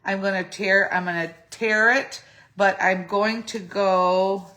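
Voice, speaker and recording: A middle-aged woman takes it slowly as she guides viewers through a craft project step by step, chatty and prone to thinking aloud and self-correcting. Her mid-range voice has a sharp tone, fairly even intonation and a slightly phlegmy quality.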